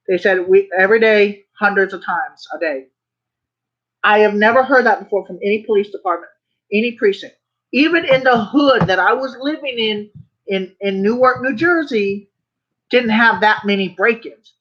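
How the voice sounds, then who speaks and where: A vlogger in a loose, rambling rant, circling back to the same phrases with emphatic insistence and an occasional curse. The voice sits at a middling pitch. The recording has a slightly dull, muffled tone. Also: a bit bright. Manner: swears when worked up. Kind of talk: casual monologue rant.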